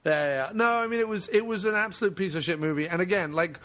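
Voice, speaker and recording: A man hosting a podcast, chatting casually about films, animated and laughing, swearing freely. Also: high-pitched, quick pace. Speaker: podcast host. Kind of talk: casual chat.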